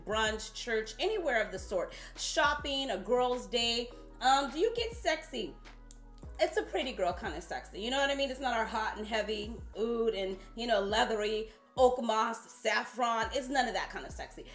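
Chatty female vlogger reviewing perfumes, talks right to viewers, roomy echo. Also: fairly high pitch. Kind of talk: casual product review vlog.

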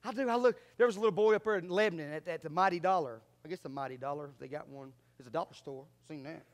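A man preaching a sermon, animated, moving between quiet asides and loud shouts. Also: a little high, quick pace. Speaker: pastor.

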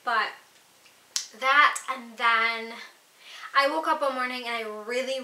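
A woman's voice: fairly high pitch, fairly even intonation, slow, long pauses, bright, forceful tone, echoey room, low-quality recording. A young woman in her twenties chatting casually through a pregnancy Q&A vlog, giggly and full of fillers. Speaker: vlogger.

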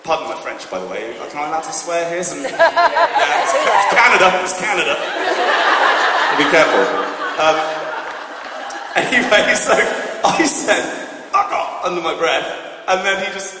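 Animated man on an echoey convention stage. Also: high-pitched, normal speed, long pauses. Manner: animated, laughs often, acts out moments. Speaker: convention panel guest. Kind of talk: convention Q&A answers. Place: large convention hall. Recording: echoey hall from far off, noisy.

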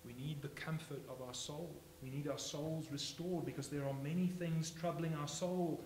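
A man preaching a sermon as pastor, swinging from hushed phrases to loud emphatic ones. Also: fairly high pitch, steady tone, moderate pace, few pauses. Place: church sanctuary. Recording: echoey church, faint hum.

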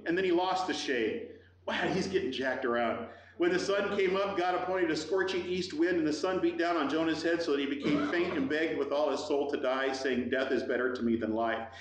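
A middle-aged man preaching a sermon, telling a personal story with lively acted-out voices. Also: mid-range voice. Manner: animated storytelling, acts out quoted voices. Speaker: pastor. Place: church hall. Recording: echoey room with faint ambience.

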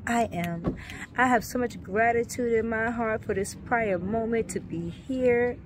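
A woman's voice: on the high side, measured pace, slight background noise. A woman vlogger greeting her viewers in a sing-song way, repeating blessings and affirmations. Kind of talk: casual vlog greeting with spiritual affirmations.

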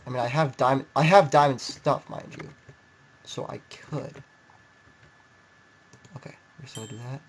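A man's voice: medium pitch, measured pace, pauses often, breathy edge. Rambling, self-mocking young man gaming. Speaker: gaming video creator. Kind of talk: casual gameplay commentary.

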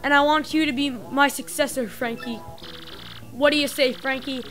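A woman's voice: high voice, steady tone, moderate pace, a bit bright. A woman reading the lines of an old male mob boss from a video game, in a tough-guy drawl, over faint game music. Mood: firm.

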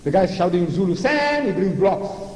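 Older male orator from South Africa, sarcastic and theatrical, high warm voice, echoey hall. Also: lively intonation, normal speed. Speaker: lecturer. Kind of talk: public religious lecture. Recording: echoey lecture hall with faint noise.

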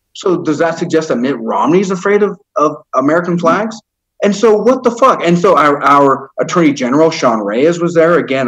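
In a poorly recorded interview, a man with a medium-pitched voice recounts his story casually. His telling is heated and rambling, full of frequent swearing and stumbles over filler words.

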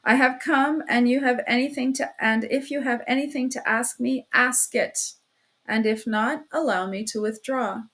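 A woman's voice: on the high side, fairly even intonation, normal speed, fairly bright tone, lightly acted, rough recording. A woman voicing an irritated young man who speaks in a resolute, clipped and irritable way.

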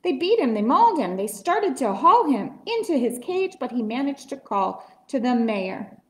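A woman reading a picture book aloud at story time in a library, playful and animated. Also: high-pitched, normal speed, hardly any pauses. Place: library room. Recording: echoey library room.

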